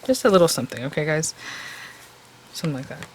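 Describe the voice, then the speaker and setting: A woman's voice: deep voice, sing-song, fast, slight background noise, low-quality recording. A woman demonstrating card making in a casual crafting tutorial. She chats and thinks aloud as she works, and her voice sounds a little tired. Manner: chatty, thinking aloud while working. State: voice getting tired.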